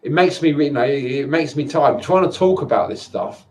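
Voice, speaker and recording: Tired man venting with halting repeats. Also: a little high, a little mellow. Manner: halting, repeats words, swears often. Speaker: vlogger. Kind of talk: emotional personal monologue to camera.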